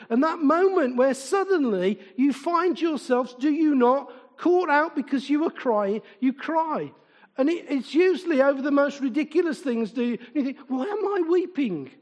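In a large hall where his very high voice echoes long, a middle-aged preacher delivers an informal, conversational sermon at a moderate pace. He's expressive and chatty, repeatedly asking the congregation questions and sharing humorous anecdotes about himself.

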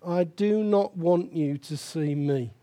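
An older pastor delivers a sermon in an unhurried, deliberate way. His voice sits a little high but sounds mellow and warm. He drives points home by repeating phrases with emphasis.

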